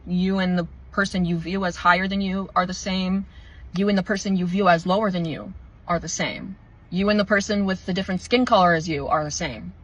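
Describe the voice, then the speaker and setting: A woman giving a heated, profane spiritual monologue, swinging between slow, deliberate emphasis and rushed outbursts as she preaches mindfulness. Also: fairly low pitch, fairly bright tone, muffled recording. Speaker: spiritual content creator.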